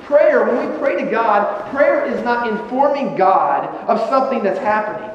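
A male pastor with a very high voice preaches in a big church hall, heard from a distance. His delivery is animated and a little sarcastic, jumping from loud bursts to hushed asides. The sound is dull and muffled, with a long ringing reverb behind every word. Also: normal speed, slight background noise. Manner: animated, sarcastic, with sudden loud and quiet swings. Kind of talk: sermon. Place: church sanctuary. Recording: echoey hall recording from far off, dull sound.

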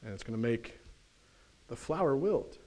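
A pastor preaches a sermon in church with a folksy, animated delivery, tossing in casual slang and quick asides. His voice is medium-pitched.

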